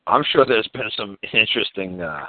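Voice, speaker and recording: A man's voice: lowish voice, expressive, moderate pace, dry recording. A man telling rowdy, profane stories as a podcast guest, laughing often. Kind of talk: casual storytelling. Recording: tinny phone-like line, dry.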